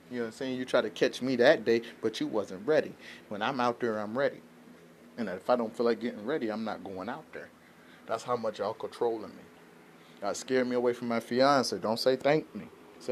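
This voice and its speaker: A man at a medium pitch, venting in a loose, rambling monologue straight to his viewers. He sounds aggrieved and keeps checking in with them as he talks, and a faint hum of ambience sits underneath. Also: fairly quick. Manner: rambling, aggrieved venting, keeps asking "you know what I'm saying". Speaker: vlogger. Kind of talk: unscripted monologue to camera.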